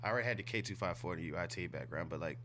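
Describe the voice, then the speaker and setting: A man, a podcast guest, telling stories in a relaxed, laughing chat. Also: low-pitched, racing, background noise. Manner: laughing storyteller, animated. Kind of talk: casual chat.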